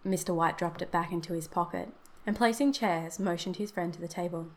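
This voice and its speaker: A woman reading a classic tale aloud, her voice sitting a little low. The narration is steady and measured, unhurried between the quoted voices. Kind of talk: scripted storybook narration.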